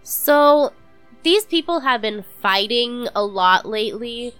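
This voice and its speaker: A woman's voice: a little high, expressive, slow, a bit bright, clean tone, no room sound, soft background music. A woman in a casual chat, patiently explaining the story to the others.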